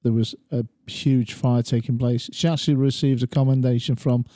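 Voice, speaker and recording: Mellow, dry-sounding man. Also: mid-range voice, dry recording. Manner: calm, measured, with fillers. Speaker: regular panelist. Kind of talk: casual chat.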